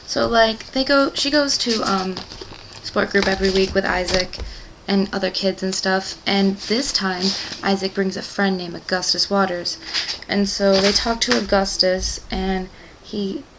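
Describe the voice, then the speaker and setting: A woman's voice: mid-range voice, fairly even intonation, unhurried, background noise. A young woman rambling through a casual book recap, chatty and gushing, full of "like" and "um.". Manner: gushing fan enthusiasm. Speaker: book club vlogger.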